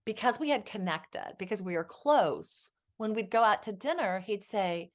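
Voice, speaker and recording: Heartfelt and reflective, a woman in her fifties who works as a marriage and family therapist talks openly as a podcast guest. She speaks in an expressive mid-range voice at a moderate pace, hardly pausing at all.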